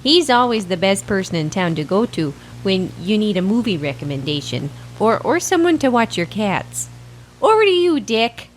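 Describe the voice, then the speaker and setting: A woman's voice: medium pitch, sing-song, moderate pace, slight background noise, lightly acted. A woman playing a flustered small-town TV host who stumbles over names while reading community announcements. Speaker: public access TV host.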